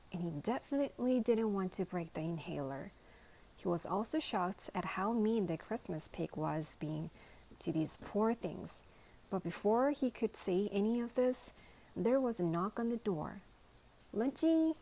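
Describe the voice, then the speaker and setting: A woman from Korea reading a storybook aloud at bedtime, slow and careful. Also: fairly low pitch, darkish tone, rough recording. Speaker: reader, mother.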